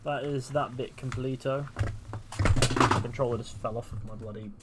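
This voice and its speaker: A man's voice: mid-range voice, steady tone, moderate pace, heavy background noise. A young man streaming a game, chatting casually and offhandedly, swearing now and then. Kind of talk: casual commentary over gameplay.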